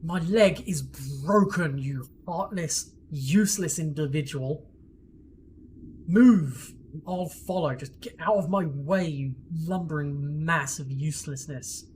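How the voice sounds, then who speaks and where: A man's voice: fairly high pitch, takes it slowly, a little mellow, a little hiss or hum. A man voicing a scornful, injured woman who scolds a companion in a tabletop game.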